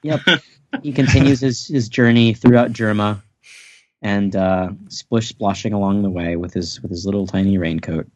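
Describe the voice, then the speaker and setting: A man with a lowish voice talks through a comic chapter, joking and laughing as he goes, with frequent restarts. The recording is dry and a bit muffled, like a home podcast setup. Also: fairly even intonation, normal speed, darkish tone, dry recording. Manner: playful, laughing, rambling with restarts. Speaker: podcast host. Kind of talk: casual chat recapping a manga chapter. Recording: dry, dull lo-fi podcast audio.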